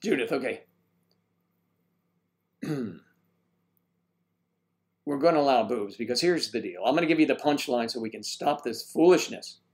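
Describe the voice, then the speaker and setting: Older man, host, casual chat, jokey, teasing, mid-pitched voice. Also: expressive, measured pace, pauses often. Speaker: livestream host. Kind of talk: casual chat reading viewer comments.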